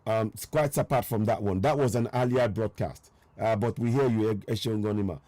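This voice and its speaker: A man's voice: on the low side, brisk, warm tone, no echo. A man hosting a live online broadcast, talking emphatically and repeating rhetorical questions to his viewers. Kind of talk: live online commentary with callers.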